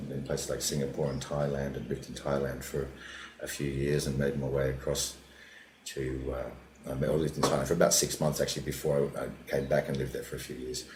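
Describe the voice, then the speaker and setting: An older man, a comedian, telling animated stories in a casual interview, sometimes dropping to a low mutter. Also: slight background noise. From Australia. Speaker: comedian guest. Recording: echoey room with faint ambience.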